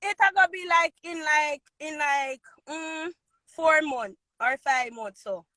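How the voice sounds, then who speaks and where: Jamaican woman, excited fan calling in on a phone live stream, high bright voice, close and dry. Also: slow pace, no echo. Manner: gushing, pleading, repeats herself.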